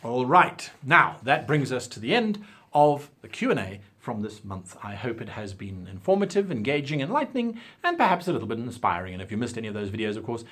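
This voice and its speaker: Lively husky-voiced South African man. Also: mid-range voice. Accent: South African English, with crisp British-style diction. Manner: theatrical, lively delivery with drawn-out emphasis. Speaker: channel host. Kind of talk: talking-head advice video.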